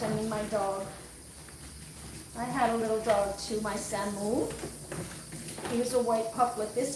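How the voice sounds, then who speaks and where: A woman's voice: a little high, recorded from a distance, background noise. A middle-aged woman dog groomer chatting on a livestream, telling a story in a rambling, self-correcting way. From Canada. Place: grooming room. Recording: echoey room, voice off-mic.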